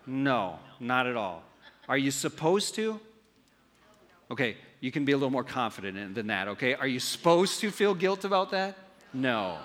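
An animated male pastor delivers a sermon, constantly throwing questions out to his congregation. His voice sits a little high and rings bright. The sound carries a long reverb from the church hall.

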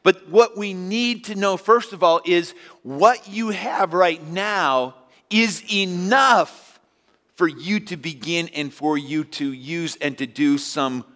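Guy preaching in a church, kinda high voice, long echo off the walls. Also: slow pace, bright, forceful tone. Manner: conversational preaching with acted-out asides. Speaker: pastor. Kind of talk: sermon. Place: church sanctuary. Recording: long hall reverb.

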